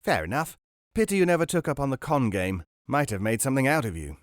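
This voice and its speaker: An unflappable con man in a storybook, breezy and jovial, with clipped, clubby phrasing, as a male narrator puts him on. His voice rides up and down with lively swings, a little higher than the narrator's own, and the recording is dry. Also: fast talker, no echo, lightly acted.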